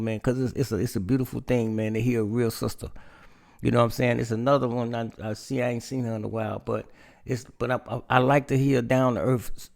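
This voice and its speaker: Gravelly man in a casual monologue. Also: medium pitch. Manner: addresses listeners as "man", repeats himself. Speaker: political commentator.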